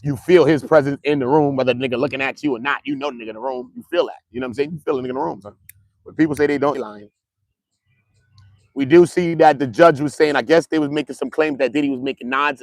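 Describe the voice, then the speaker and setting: A man riffs casually on a trial, mixing street slang and jokes into animated stories. His voice is gravelly at a mid pitch. The sound is dry and close, with no room in it. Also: no echo. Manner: loose street slang, joking, animated storytelling. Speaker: trial commentator. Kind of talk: casual livestream commentary.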